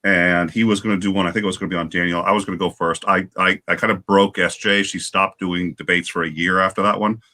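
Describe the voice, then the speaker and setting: A man telling a story on a livestream panel in casual chat, animated and halting, with many restarts. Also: sits low.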